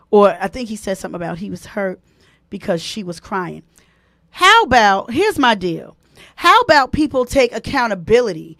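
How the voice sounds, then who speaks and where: A woman hosting a live stream, giving animated, preachy advice and repeating key points for emphasis, speaking. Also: medium pitch, moderate pace, no echo, clean studio sound. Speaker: host.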